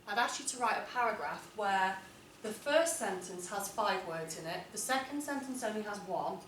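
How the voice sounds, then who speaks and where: A woman's voice: mid-range voice, expressive, a bit bright, recorded from a distance, slight background noise. Woman teaching in an echoey classroom. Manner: clear, deliberate, emphatic reading of model texts. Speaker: English teacher. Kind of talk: classroom writing lesson.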